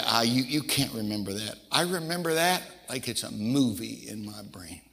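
A man's voice: mid-range voice, pushed and bright. An older man preaching a sermon, telling folksy personal stories and acting out the voices of the people in them. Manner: folksy storyteller, acts out quoted voices. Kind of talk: sermon storytelling. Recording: reverberant hall.

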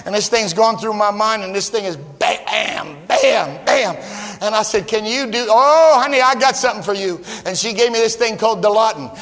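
A middle-aged man preaches a sermon in a high, tenor-range voice. He tells his story in a conversational way, then climbs into loud, fervent emphasis. The sound carries a long church-hall reverb. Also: moderate pace. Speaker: pastor.

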